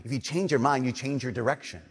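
A young man preaching a sermon as a Catholic priest, talking conversationally, sometimes playful and sometimes dropping to a hushed, earnest tone. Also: mid-range voice, fast, husky. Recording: long reverb of a large church.

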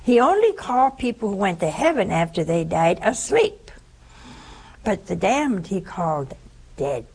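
An older woman preaches in a storytelling sermon, her voice gravelly and a little husky. She acts out the people in her story and now and then sinks to a hushed whisper. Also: medium pitch, unhurried, poor audio. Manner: animated storytelling, acting out voices, dropping to whispers. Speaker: religious sister giving a talk.

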